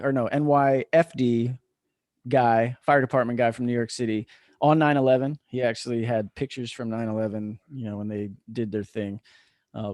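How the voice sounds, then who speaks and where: A man's voice: medium pitch, a little mellow, no echo. Laid-back storytelling man, dry sound. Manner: laid-back, swears freely, chuckles through stories. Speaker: podcast guest, retired veteran. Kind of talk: casual storytelling. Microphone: remote call.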